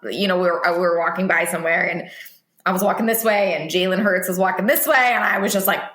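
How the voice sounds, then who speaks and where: A woman guest chatting casually, telling animated stories and jumping up high when she quotes people. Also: fast, roomy sound. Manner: animated storytelling with high-pitched quoted voices. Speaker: podcast guest, pro cheerleader. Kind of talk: casual chat.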